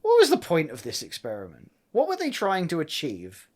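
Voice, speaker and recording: Lively man recapping a show. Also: fairly high pitch, normal speed. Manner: animated, laughing, loud acted-out quotes. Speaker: podcast co-host. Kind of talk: casual recap chat.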